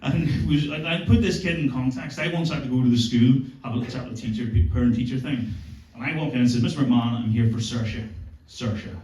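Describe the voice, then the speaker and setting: A man's voice: medium pitch, fairly even intonation, fast talker, few pauses, a little mellow. A man in his forties doing a stand-up set, telling profane, swaggering stories about his family. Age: 40s. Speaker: stand-up comedian. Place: comedy club stage. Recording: roomy club sound, mic from a distance, audience noise.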